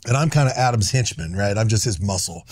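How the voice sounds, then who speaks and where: Middle-aged man, lively storyteller who slips into loud acted-out quotes; casual podcast guest. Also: fairly low pitch, fast talker. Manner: animated, acts out lines in loud put-on voices. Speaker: actor and comedian guest.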